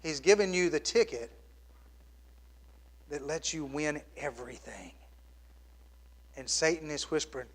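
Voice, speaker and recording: A middle-aged man preaching a sermon as pastor, swinging from loud exclamations down to hushed, near-whispered lines. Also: a little high, a little slow, pauses often.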